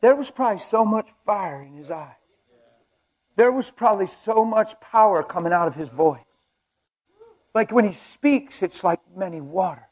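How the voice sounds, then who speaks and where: A man preaching a fervent sermon at a men's breakfast, swinging between shouts and hushed asides and laughing with the crowd. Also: sits high, lively intonation, normal speed. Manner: laughs and chats with the audience.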